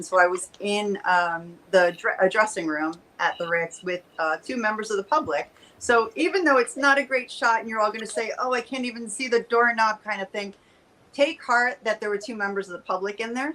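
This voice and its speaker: A woman's voice: medium pitch, fairly bright tone, low-quality recording. A woman from New York, a paranormal investigator guest on a show, chatting casually and laughing often. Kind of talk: casual chat.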